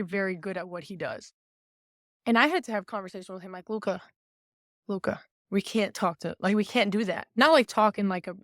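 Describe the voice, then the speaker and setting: A woman's voice: medium pitch, no echo. An outgoing young woman telling stories as a podcast guest, slipping into quoted lines as she goes. Her voice sits mid-height for a woman. It is recorded close and dry, with no room sound. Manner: outgoing, animated storytelling with quoted asides. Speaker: guest, former college volleyball player. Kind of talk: casual podcast conversation.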